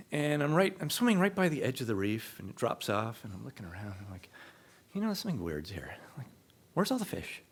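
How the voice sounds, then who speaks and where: A man telling a true story live on a comedy club stage, talking in a conversational, animated way and acting out what people said. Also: mid-range voice.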